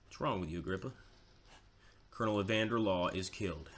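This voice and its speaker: Man, low voice, forceful bright tone, casual game commentary, self-mocking. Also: brisk, slight background noise.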